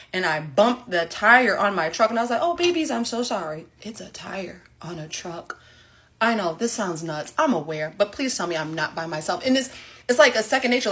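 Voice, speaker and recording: A woman telling a sarcastic, animated story straight to the camera in a casual monologue. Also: mid-range voice.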